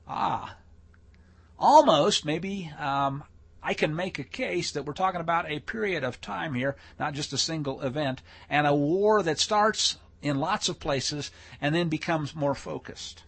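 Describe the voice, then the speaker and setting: Husky-voiced man teaching scripture. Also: fairly high pitch, a little slow, a bit bright. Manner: reads verses aloud with rising emphasis, adds wry asides. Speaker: Bible teacher. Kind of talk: sermon teaching with scripture reading.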